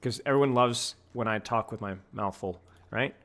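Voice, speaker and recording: Man casually breaking down match plays. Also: medium pitch. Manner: quick analytical commentary, relaxed chat with viewers. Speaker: streamer and coach. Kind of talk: casual match analysis and chat. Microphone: desk microphone.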